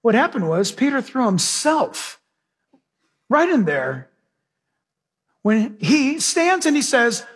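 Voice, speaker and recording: A male pastor preaching an animated sermon, telling stories and acting out voices. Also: high voice, takes it slowly, pauses often, husky. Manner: animated, storytelling, acts out voices.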